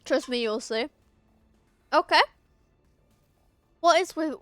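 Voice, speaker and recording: A woman's voice: high voice, takes it slowly, long pauses, a bit bright, no room sound, faint music behind. A young woman streaming a game, chatting casually with her viewers, giggling and tripping over her words. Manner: giggly, chatty, often talks to chat, trips over words.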